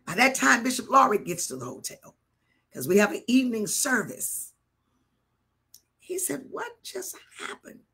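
An older woman bishop preaching a live sermon, telling a personal story with animated swings between hushed and shouted delivery. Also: on the high side, moderate pace, long pauses, breathy edge.

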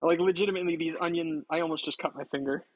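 The highs are cut off in this clip of a streamer cooking in his kitchen and talking to his chat. His fairly high voice keeps a fairly even intonation and comes out rapid-fire. He's casual, swears a lot, and mocks himself.

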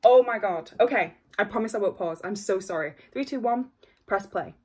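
A young woman hosting a reaction video from home, excitable and gushing, constantly apologizing while faint music plays behind her. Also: medium pitch, moderate pace, very noisy. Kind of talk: casual reaction vlog. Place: home room at a desk. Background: faint music playing.

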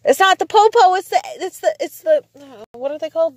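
A woman's voice: high voice, a little fast. A woman chatting on a live stream from inside a car on a rainy night, joking, swearing and laughing a lot into her phone. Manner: excitable, jokey, swears, laughs often. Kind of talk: casual live-stream chat. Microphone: phone held in hand.

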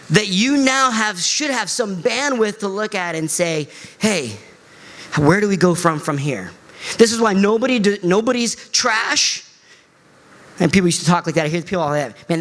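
A middle-aged male pastor preaching a sermon, animated and emphatic. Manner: animated preaching, pitch swings high for emphasis.

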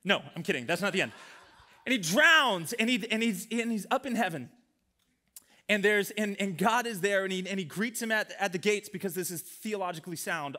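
A young man delivers a sermon with a high, bright voice. He tells stories with animated energy and acts out the voices of the characters in them. His delivery is lively and conversational. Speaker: young adult pastor. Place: church hall.

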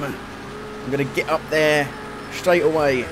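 A man doing gameplay commentary, excitable, swearing at the game and laughing at himself. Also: mid-range voice, moderate pace. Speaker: gaming video creator. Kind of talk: let's-play gameplay commentary. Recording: racing car engine noise behind. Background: car engines from the game.

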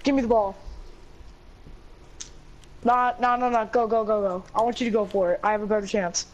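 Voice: medium pitch, fairly even intonation, moderate pace, slight background noise. A player trash-talking and joking casually during a football video game. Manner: teasing, joking banter. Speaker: gaming opponent. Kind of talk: casual trash talk while gaming. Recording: loud game music behind.

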